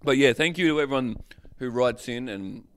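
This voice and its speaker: A man's voice: mid-range voice, normal speed, clean tone. A man co-hosting a podcast, chatting casually and thanking listeners. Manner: short agreeing backchannels, laughs along. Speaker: podcast co-host. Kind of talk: casual chat.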